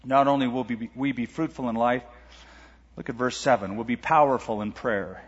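A middle-aged man preaching a sermon as pastor, animated, asking rhetorical questions and reading scripture aloud. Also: mid-range voice, a little fast, breathy edge. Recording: lo-fi church recording with long hall reverb.

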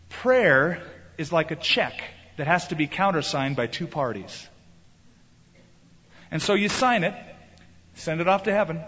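A middle-aged man preaching a sermon as pastor, emphatic and animated. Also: a little high. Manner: emphatic preaching, acting out voices in quotes. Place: large church sanctuary. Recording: reverberant hall, slightly muffled.

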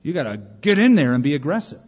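A man's voice: fairly high pitch, fast talker. A man preaching a sermon, telling stories with energy and acting out the voices in them. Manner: animated storyteller who acts out quoted voices. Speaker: pastor. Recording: dull recording with long hall reverb.

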